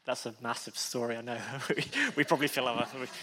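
A man's voice: medium pitch, fairly even intonation, fairly quick, bright, forceful tone, big-room sound. Storytelling male preacher. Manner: frequent restarts, emotional asides. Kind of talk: sermon storytelling.

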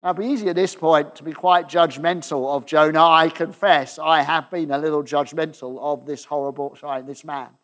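A man preaching a conversational sermon, often checking in with the congregation and letting his voice drop softly at the ends of phrases. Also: steady tone, normal speed, few pauses. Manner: conversational, asks the audience questions with tag "okay?"; drops to a soft low voice at the ends of phrases.

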